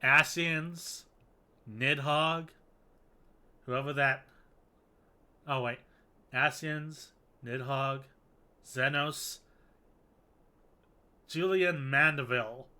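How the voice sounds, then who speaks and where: A man streaming a video game, giving casual commentary, excitable, swearing and laughing often. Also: fairly high pitch, drawn-out words, long pauses, smooth.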